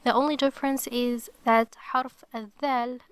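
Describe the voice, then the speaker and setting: A woman's voice: high voice, fairly even intonation, clear, resonant tone. A woman teaching the Arabic alphabet to beginners, explaining each step patiently and checking in with "okay". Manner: slow and careful.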